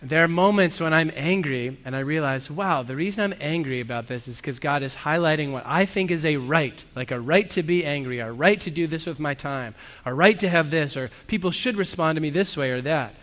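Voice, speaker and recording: A man's voice: a little high, brisk, hardly any pauses, fairly bright tone. A man preaching a sermon as a pastor, earnest and conversational, with self-deprecating asides. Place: church hall. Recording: long reverb of a church hall.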